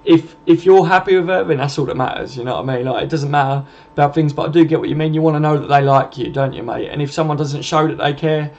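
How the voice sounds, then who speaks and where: A man with a southern English accent chats casually on a live stream, calling everyone "mate" as he rambles along. His voice is gravelly and stays flat in pitch. The stream audio sounds dull and lo-fi. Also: quick pace. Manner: rambling and matey, keeps adding "and that" and "mate". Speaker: live-stream channel host. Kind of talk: casual live-stream chat reading comments.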